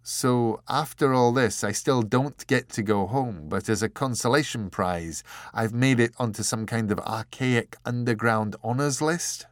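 A man's voice: medium pitch, lively intonation, measured pace, a bit bright, no room sound, clean studio sound, voice pushed up. A man voicing an exasperated young man in an audiobook, talking emphatically and pressing with questions. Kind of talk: audiobook character voice.

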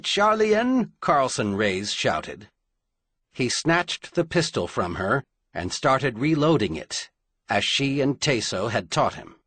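A man narrating a fantasy novel in a dramatic, measured storytelling voice. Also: fairly low pitch, a bit bright, slightly rough, dry recording, studio quality. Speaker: audiobook narrator. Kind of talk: scripted fiction narration.

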